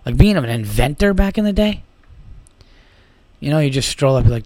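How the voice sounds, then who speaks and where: A tired, slightly sick man in his thirties rambles through a solo comedy podcast, swearing freely and riffing with giddy energy. His voice sits at an ordinary pitch. The sound is dry and close, with little room around it. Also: expressive, moderate pace, pauses often, darkish tone, no room sound. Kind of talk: casual solo podcast monologue.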